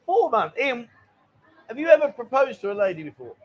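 A man's voice: extremely high pitch, big pitch swings, brisk, highs cut off. Chatty man hosting a live stream. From England. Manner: chatty, reads out viewer greetings and banters. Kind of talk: casual live stream chat.

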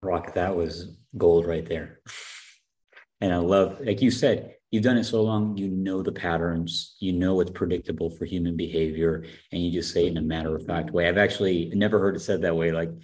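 A man's voice: low voice, steady tone, normal speed, a little mellow. A man hosting a podcast interview, enthusiastic and full of praise for his guest. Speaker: podcast host. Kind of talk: casual interview talk.

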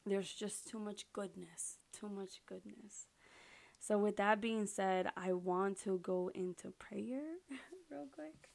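Earnest woman with gravelly fry. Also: mid-range voice, little pitch movement, slow pace. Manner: earnest, heartfelt, soft-spoken in prayer. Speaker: podcast host. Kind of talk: faith podcast talk and prayer.

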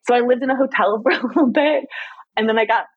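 A middle-aged woman, a podcast guest, telling personal stories in a candid, animated way, laughing often. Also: on the high side, quick pace, slightly rough, dry recording, dull audio. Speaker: podcast guest, stress expert. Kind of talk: candid conversational storytelling.

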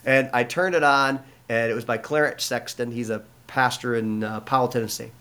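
A man's voice: medium pitch, steady tone, normal speed, sharp tone, clean tone. A middle-aged man from the United States, a pastor, telling his personal testimony in an interview, earnest and full of restarts and fillers.

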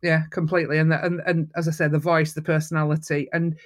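Lively Mancunian woman telling stories. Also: low-pitched, fairly quick. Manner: lively, animated storyteller. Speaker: photographer, guest. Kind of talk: storytelling in casual chat.

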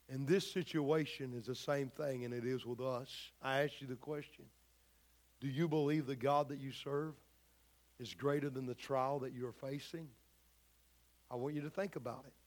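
A man's voice: mid-range voice, a little mellow. A man preaching a sermon, pressing the same rhetorical questions again and again in a preaching cadence.

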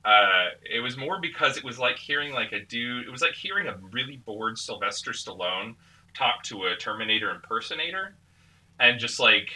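A man hosting a podcast, chatting casually with a very bright, sharp edge to his voice. He rambles, fills gaps with "um" and "like," and breaks into giggles often. His pitch sits in the middle for a man. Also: lively intonation, moderate pace, far from the mic, poor audio. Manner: rambling, giggly, lots of fillers. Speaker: podcast host. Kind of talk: casual chat.

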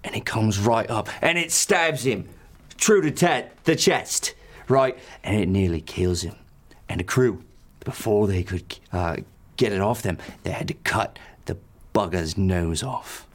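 Halting man narrating as game master. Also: lowish voice, lively intonation. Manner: halting, many fillers and restarts while narrating.

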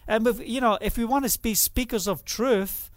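A man delivers a sermon in a high voice, throwing rhetorical questions at his listeners. The sound is dry and close, with no room echo. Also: moderate pace. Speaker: preacher.

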